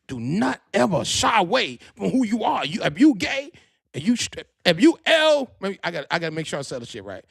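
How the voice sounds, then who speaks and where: A man hosting a podcast in a casual monologue, animated and profane, full of street slang. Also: high voice, gravelly, dry recording, clean studio sound. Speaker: podcast host and DJ.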